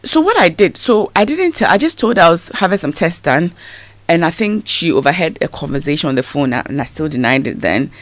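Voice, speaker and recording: A woman's voice: low voice, fairly quick, no echo. A woman, a guest telling a personal story in a radio interview, acting out what people said. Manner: animated storyteller acting out quoted speech.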